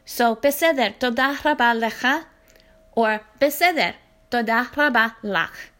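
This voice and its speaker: A woman giving a casual spoken language lesson. She explains patiently and says the example phrases slowly and carefully. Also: fairly high pitch, fairly bright tone. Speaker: language teacher.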